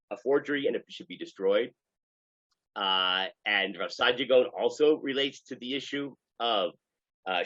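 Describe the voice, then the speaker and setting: A rabbi lectures a class in a mid-pitched male voice, pressing his points with emphasis and frequent filler sounds. The recording sounds a little dull and lo-fi. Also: fairly bright tone.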